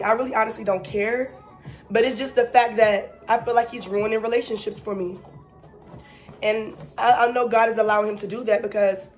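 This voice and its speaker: A young woman vlogger in casual chat, telling a personal story with animated, emphatic asides and exasperated repetition. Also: fairly high pitch.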